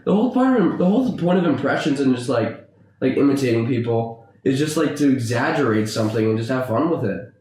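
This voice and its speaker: A young man co-hosting a casual podcast chat, animated and prone to slipping into silly voices and impressions. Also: mid-range voice, a little fast, slight background noise. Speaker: podcast co-host. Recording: echoey room, far from mic.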